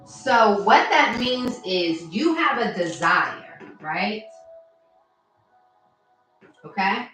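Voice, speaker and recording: A woman mindset coach on a phone livestream, talking casually and warmly to viewers and reading their comments aloud. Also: mid-range voice, animated, extremely slow, pauses often. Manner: warm, chatty, addresses viewers directly and reads their comments aloud. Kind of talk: casual motivational livestream talk. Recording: very echoey room with faint music.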